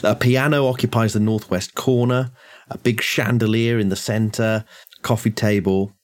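A man narrating a tabletop horror game as game master, describing scenes in a relaxed way. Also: lowish voice, moderate pace.

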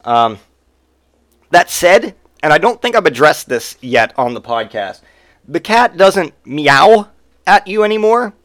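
A man's voice: a little high, big pitch swings, measured pace, fairly bright tone, dry recording, clean studio sound. A man hosting a podcast, telling rambling, profane stories in a casual monologue. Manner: rambling and profane, with frequent swearing. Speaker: podcast host.

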